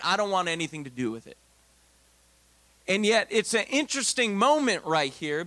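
A pastor preaching to his congregation, a man with a high, bright voice. He talks like he is chatting with them, then jumps into loud, emphatic bursts. The sound is close and dry. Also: no room sound. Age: adult, married. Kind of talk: sermon.

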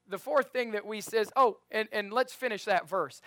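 A man with a high, smooth, resonant voice preaching a sermon in church. He calls the congregation to repeat after him and swings from loud, emphatic peaks to quiet storytelling. The sound is close and dry. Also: fairly quick, hardly any pauses, dry recording. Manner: rousing, call-and-response with the congregation. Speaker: pastor.

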